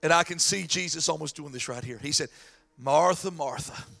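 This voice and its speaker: A man preaching a sermon as pastor, animated, acting out the voices of people in the scripture story. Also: on the high side, quick pace, gravelly.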